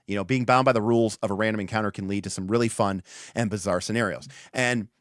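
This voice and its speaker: A man hosting a livestream in casual chat. He talks in an animated, rambling way full of restarts and fillers. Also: on the low side, fast, dry recording, clean studio sound. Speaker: livestream host.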